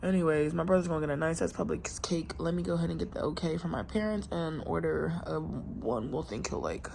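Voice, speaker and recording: A woman's voice: deep voice, fairly quick, vocal fry, a little mellow, a little hiss or hum. A young woman chatting casually at home in a vlog, rambling and venting in loose slang. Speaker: vlogger.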